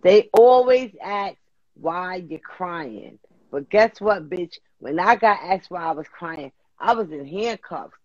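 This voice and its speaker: A woman's voice: lowish voice, lively intonation, slow, dry recording, dull audio. A woman co-host talking in a blunt, profane, emphatic way in a casual podcast chat.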